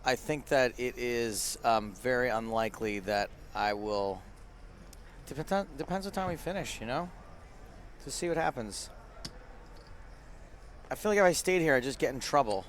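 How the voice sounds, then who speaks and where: A man's voice: medium pitch, lively intonation, normal speed, long pauses. A man co-hosting live poker commentary, full of teasing jokes aimed at his co-host and the guest. A faint background hum runs under his voice. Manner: joking, teasing.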